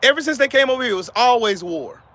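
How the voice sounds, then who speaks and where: A man's voice: very high voice, lively intonation, fast talker, sharp tone. A man hosting a live stream, giving heated, profane commentary and talking to viewers in the chat by name. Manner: profane, fired-up, repetitive.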